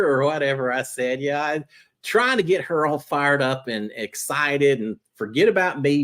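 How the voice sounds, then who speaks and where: A man hosting a live reality-TV chat show, answering viewer questions in a chatty, animated way. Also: fairly high pitch, normal speed. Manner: chatty and animated, jumping between topics.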